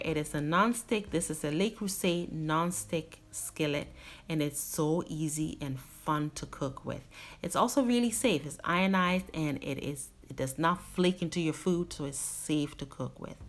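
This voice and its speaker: A woman's voice: sits low, measured pace, fairly bright tone. A woman hosting a cooking video, explaining each step of a recipe in an instructive way and stressing key words. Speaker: cooking channel host.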